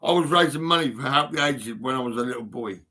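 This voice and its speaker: A man's voice: mid-range voice, fast, pushed and bright. An older man ranting bitterly to camera, swearing a lot and repeating himself with tag questions. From United Kingdom. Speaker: vlogger. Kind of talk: angry profane rant to camera.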